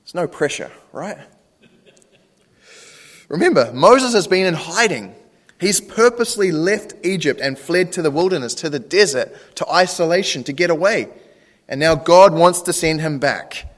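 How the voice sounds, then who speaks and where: A man's voice: fairly high pitch, expressive, normal speed. A man, a pastor preaching a sermon in a conversational way, often asking rhetorical questions. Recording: long reverb.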